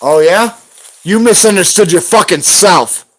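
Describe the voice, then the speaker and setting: A man's voice: sits high, a little slow, a bit bright. A man on a live stream, ranting heatedly at someone and cursing constantly in a confrontational way. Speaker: livestreamer hunting for rare banknotes.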